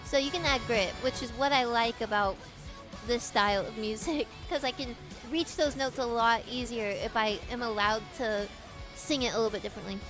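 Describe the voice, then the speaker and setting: Woman streamer, high and playful, rambling casual chat, faint music behind. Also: moderate pace.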